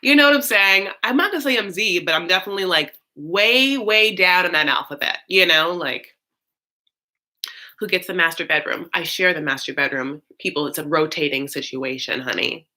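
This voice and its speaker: A woman hosting a casual chat, talking loosely with many fillers and swinging between high and low. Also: lively intonation, moderate pace, pushed and bright. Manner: chatty, swoops high and low, frequent fillers; campy, calls listeners honey. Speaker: host.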